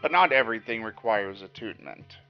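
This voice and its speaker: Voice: mid-range voice, lively intonation, a little fast, highs cut off, faint music behind. A tabletop streamer with a mid-range voice talks casually and a bit hesitantly, hedging each point. They turn aside now and then to address their stream audience. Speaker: tabletop player. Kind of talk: casual game table chat.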